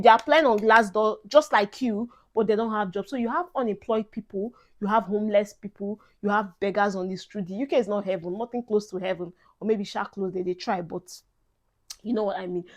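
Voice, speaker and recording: A woman's voice: medium pitch, fairly bright tone. A young Nigerian woman vlogging advice in a chatty, emphatic way, dropping Pidgin phrases into her talk. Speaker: vlogger giving advice to incoming students. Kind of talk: casual advice vlog.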